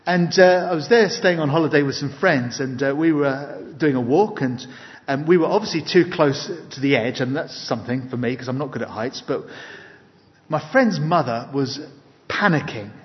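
A man's voice: a little high, normal speed. A man preaching an evening sermon, earnest and emphatic, mixing scripture with personal stories. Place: church hall. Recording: dull, long-reverb hall recording.

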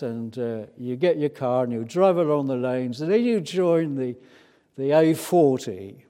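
A British man preaching a sermon in an unhurried, chatty way, with many hesitant fillers. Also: a little high, warm tone. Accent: British English. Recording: long reverb of a large hall.

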